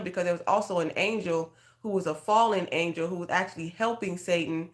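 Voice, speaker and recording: A woman with a somewhat low voice gives a heartfelt spoken testimony. She talks earnestly and conversationally and keeps turning to her listeners directly as a faith coach. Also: fairly even intonation, brisk, few pauses. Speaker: prophetic guidance coach. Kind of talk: emotional personal testimony.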